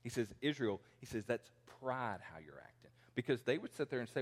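A man's voice: medium pitch, lively intonation, brisk, few pauses. A pastor in his forties preaching a conversational sermon, acting out the people he quotes. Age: 40s. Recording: long reverb in a large hall.

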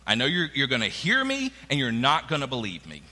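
A man's voice: medium pitch, huge pitch swings, a little fast, sharp tone, big-room sound. A man preaching a sermon in a conversational way, acting out the quoted lines of the people in his stories. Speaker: pastor.

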